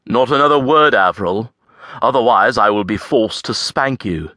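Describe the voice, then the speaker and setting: A male audiobook narrator voicing a calm, commanding man who speaks smoothly and evenly. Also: mid-range voice, normal speed, no room sound, studio quality, pitched above the performer's own voice.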